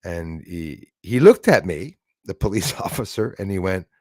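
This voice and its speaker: A man hosting a live stream, telling a story in a casual, animated way full of fillers. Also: fairly low pitch, normal speed, no echo, clean studio sound. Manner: animated, acts out quoted voices, frequent fillers.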